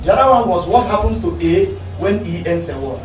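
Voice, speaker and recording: A male teacher leading a classroom spelling lesson, calling out words slowly for the class to repeat. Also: high voice, lively intonation, faint music behind. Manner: slow, drilling words for learners to repeat. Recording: echoey room, distant mic, noisy.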